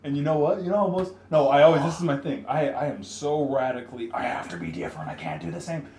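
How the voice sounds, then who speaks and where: A man's voice: on the high side, expressive, quick pace, a little mellow. A young man talking candidly and animatedly in a casual podcast chat, laughing and swearing often. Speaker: podcast co-host. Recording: echoey room with faint noise.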